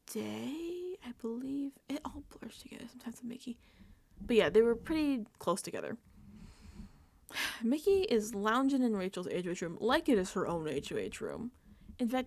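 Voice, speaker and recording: A woman hosting a casual reality TV recap, talking animatedly, laughing often and acting out quoted lines. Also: on the high side.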